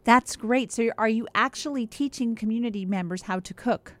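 A woman's voice: on the high side, normal speed, a bit bright, dry recording. A woman hosting an interview and working in nutrition practice, chatty and running on with asides. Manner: chatty, talks at length with asides. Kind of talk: casual interview talk.

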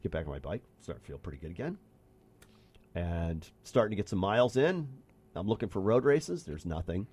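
A man's voice: deep voice, sing-song, brisk, darkish tone, breathy edge. A middle-aged man hosting a casual talk show, telling rambling cycling stories with repeated phrases. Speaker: podcast host and former bike racer. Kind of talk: casual conversational storytelling.

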